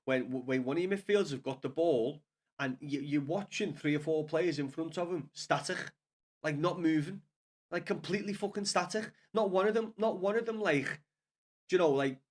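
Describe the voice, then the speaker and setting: A man with a Scouse accent talks his viewers through a football match as it happens, swearing and venting his frustration as he rambles on. His voice sits fairly high for a man. He is recorded in a small home studio room. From Liverpool, England. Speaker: streamer watching a match live. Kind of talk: live watch-along commentary.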